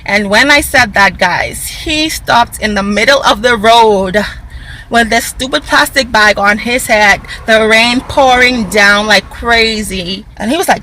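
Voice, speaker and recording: A woman telling a casual storytime vlog, animated, talking to her viewers and acting out what people said. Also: on the high side, moderate pace, a little hiss or hum, low-quality recording. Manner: acts out quoted dialogue in raised voice. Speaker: vlogger.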